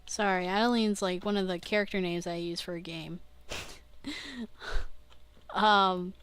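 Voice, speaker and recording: A woman's voice: on the low side, fairly even intonation, measured pace, pauses often, a bit bright, clean tone. A young woman vlogging casually, rambling and interrupting herself, often laughing at her own slips. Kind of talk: casual rambling video diary.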